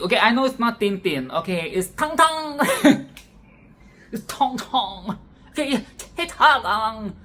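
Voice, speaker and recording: Woman, casual film commentary, profane, emphatic repetition, somewhat low voice. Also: measured pace. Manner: expressive, profane, repeats phrases for emphasis.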